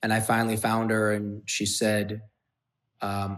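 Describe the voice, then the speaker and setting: A man's voice: lowish voice, steady tone, moderate pace, fairly bright tone. Intense, blunt man telling his story. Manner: intense, profane, repetitive emphasis. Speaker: interview guest. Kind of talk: personal storytelling.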